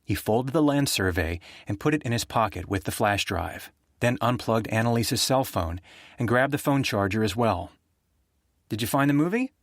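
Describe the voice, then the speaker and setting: A man narrating a thriller audiobook in a steady, even storytelling manner. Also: lowish voice, normal speed, no echo, clean studio sound.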